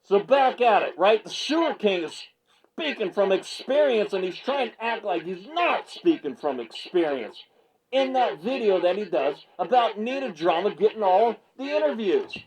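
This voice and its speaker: A man's voice: high-pitched, big pitch swings, moderate pace, a little mellow, breathy edge, rough recording. A male MMA media host in a fired-up reaction rant, stammering and repeating himself as he gets worked up on his small video set.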